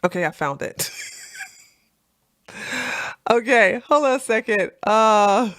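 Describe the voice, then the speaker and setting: A woman hosting a casual political chat livestream, animated and laughing, with lots of fillers and restarts. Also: mid-range voice, slow pace, dry recording, studio quality. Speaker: livestream host.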